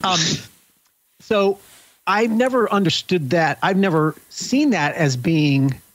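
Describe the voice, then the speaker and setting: A man's voice: sits high, animated, slow pace, no room sound, rough recording. A man thinking aloud as a panelist in a casual roundtable discussion over a video call. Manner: thinks aloud, self-correcting.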